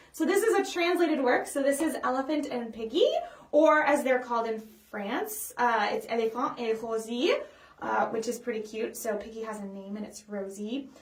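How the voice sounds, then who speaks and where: High-voiced librarian woman in an echoey room. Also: a bit bright. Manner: upbeat, chatty, with frequent ums and restarts; sings simple songs slowly for kids to follow. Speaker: children's librarian leading storytime. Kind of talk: children's storytime presentation. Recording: echoey room, voice a bit far from the mic.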